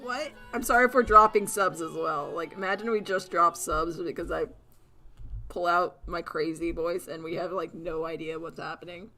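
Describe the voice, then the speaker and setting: A woman's voice: fairly low pitch, steady tone, moderate pace, pushed and bright, faint music behind. A young woman chatting casually while she draws on a live stream, rambling, giggling, and poking fun at herself. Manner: giggly, rambling, self-deprecating.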